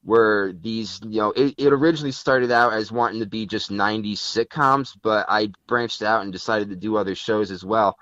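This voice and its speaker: Male podcast guest, lowish voice, rambling and filler-heavy, dull lo-fi dry sound. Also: normal speed, few pauses, fairly bright tone, no echo. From Connecticut. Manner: rambling, many fillers and restarts. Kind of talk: casual interview chat.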